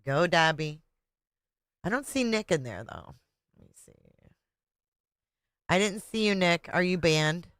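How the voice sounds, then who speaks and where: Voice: medium pitch, very animated, unhurried, long pauses, fairly bright tone, dry recording, studio quality. A livestream commentator reacting to a played clip with sarcastic, heckling asides.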